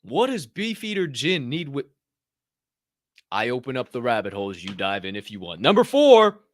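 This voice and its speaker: Animated joking male podcast host. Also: mid-range voice, normal speed. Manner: animated, joking, swears and rants. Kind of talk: energetic news rundown.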